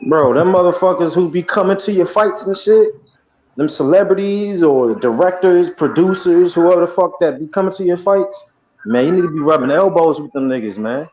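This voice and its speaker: A man's voice: high voice, expressive, moderate pace, muffled recording, slight background noise. A man co-hosting a casual, profane chat, repeating himself to drive his point home. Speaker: podcast co-host.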